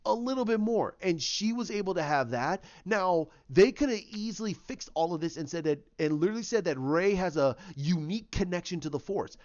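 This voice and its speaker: A man giving a casual spoken movie review, excited and rambling, restarting and repeating his words. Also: sits high, fairly quick, hardly any pauses, lo-fi sound. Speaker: film reviewer.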